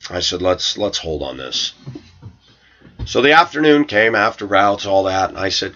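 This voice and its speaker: A man's voice: low-pitched, animated, moderate pace, bright, forceful tone, dull audio. A man vlogging to his viewers, telling an aggrieved story about a coworker, quoting her and himself with indignation. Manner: aggrieved, indignant, quotes others in raised voice. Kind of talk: personal storytelling rant to camera.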